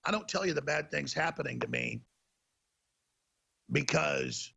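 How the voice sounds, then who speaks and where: A man in full rant as a talk show host, his voice deeply gravelly and worn rough with a husky edge. He sits a touch higher than most men and hammers every point with heated emphasis. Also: measured pace, pushed and bright.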